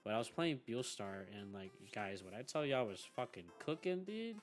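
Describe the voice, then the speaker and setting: A man's voice: mid-range voice, big pitch swings, moderate pace, faint music behind. A young man chatting casually about card games, rambling, swearing freely and laughing often. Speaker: team member on a gaming podcast. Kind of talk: casual chat.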